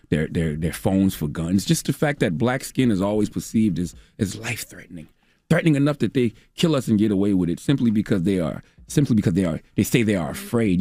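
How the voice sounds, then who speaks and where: A man's voice: darkish tone, no echo. A man hosting a radio show, delivering a sarcastic, emphatic commentary segment into a studio mic. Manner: sarcastic, emphatic, rising pitch on punchlines. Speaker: radio host.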